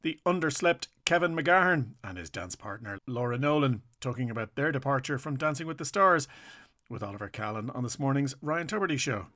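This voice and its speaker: A man announcing scripted radio links in a smooth, even read. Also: medium pitch, a little fast.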